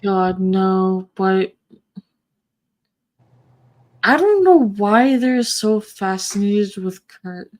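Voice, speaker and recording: A woman's voice: mid-range voice, animated, extremely slow, pauses often, darkish tone. A woman chatting casually on a live stream, swearing often and trailing off mid-sentence. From partly Southern US. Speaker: co-host reviewing an episode.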